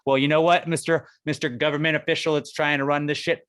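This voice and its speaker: Excitable, profane male podcast host. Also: a little high, quick pace, hardly any pauses. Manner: profane, excitable, rants with put-on quotes. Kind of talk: casual chat.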